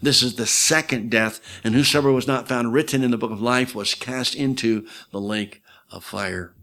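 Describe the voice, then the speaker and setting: Man preaching, dramatic storyteller, mid-pitched, voice surges and drops. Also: moderate pace. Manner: dramatic storytelling, rising loud for quoted voices, dropping low for emphasis. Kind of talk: sermon.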